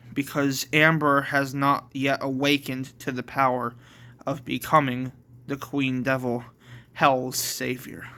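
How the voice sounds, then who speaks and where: A man's voice: medium pitch, bright, forceful tone, clear, resonant tone. A man reading his own homemade story aloud, plainly and with self-corrections.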